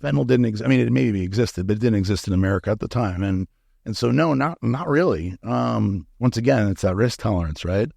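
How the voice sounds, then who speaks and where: A man's voice: fairly low pitch, brisk, creaky, darkish tone, no room sound, clean studio sound. A man as a podcast interview guest, telling a candid story in a frank, profane way with many fillers and restarts.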